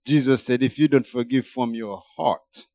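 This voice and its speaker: A man preaching a sermon, emphatic, rising high for emphasis and then dropping low. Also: moderate pace, darkish tone, no room sound.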